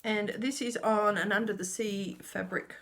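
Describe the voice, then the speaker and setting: A woman's voice: medium pitch, steady tone, unhurried. A woman casually showing her cross-stitch projects in a chatty, rambling way that keeps correcting itself. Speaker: flosstube host.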